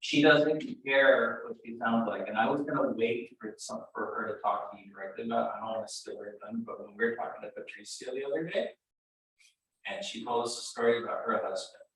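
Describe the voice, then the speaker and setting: A man's voice: medium pitch, a little fast. A man with a Californian accent coaches his listeners bluntly and with lots of animation. He is heard from a distance, and the room around him is strongly echoey. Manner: blunt, animated, retells stories with acted quotes. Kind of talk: casual coaching talk.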